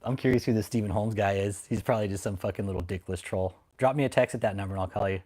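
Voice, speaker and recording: Guy ranting on his livestream, swears a ton, mocks trolls in chat, kinda low voice. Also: racing, a little mellow, husky. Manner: profane, mocking, confrontational. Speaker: livestream host. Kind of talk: casual livestream rant.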